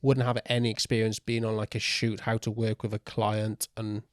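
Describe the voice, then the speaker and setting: A young man hosting a podcast, asking questions in a relaxed, teasing way. His voice sits a little low and sounds close and dry. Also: moderate pace, no room sound. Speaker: podcast host. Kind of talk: casual interview chat.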